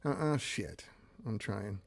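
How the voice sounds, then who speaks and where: A man's voice: on the low side, lively intonation, slow pace, vocal fry. A man hosting a casual livestream, rambling and laughing as he reads viewer comments aloud. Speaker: livestream host and guitarist.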